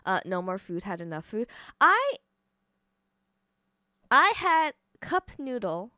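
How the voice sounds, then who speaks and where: A woman's voice: medium pitch, big pitch swings, pushed and bright, no echo, studio quality. A young woman livestreaming in casual chat, rambling, swearing and stumbling over her words. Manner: rambling, swearing, quick self-corrections.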